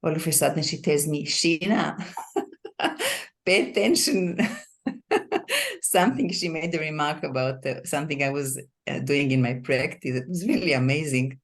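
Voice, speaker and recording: A woman giving a soft, warm-hearted tribute on a video call, laughing now and then and repeating words. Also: sits low, fairly even intonation, normal speed. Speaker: qigong student at a memorial meeting. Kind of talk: personal tribute.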